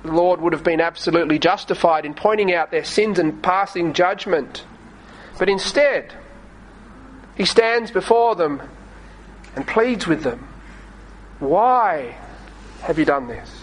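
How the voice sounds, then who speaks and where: Male preacher, high voice, earnest sermon, slow scripture reading. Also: low-quality recording. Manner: reads scripture in archaic wording, slows for emphasis.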